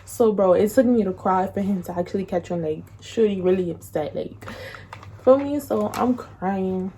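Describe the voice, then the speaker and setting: A young woman tells a breakup story in casual slang, laughing often and acting out quotes in a higher voice. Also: normal speed, dark tone, slightly rough. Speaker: vlogger.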